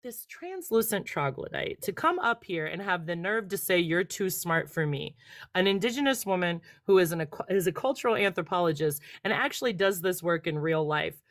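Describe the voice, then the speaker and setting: A woman's voice: on the low side, no echo, studio quality. A woman in a live-stream debate, cutting and profane as she tears into her opponent. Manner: profane, cutting, fast-escalating. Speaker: debate guest.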